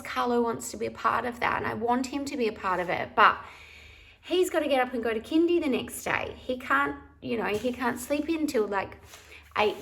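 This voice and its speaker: A woman's voice: a little high, gravelly, a bit bright. Chatty Australian woman vlogging at home. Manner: chatty, candid, breezy. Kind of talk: casual vlog chat.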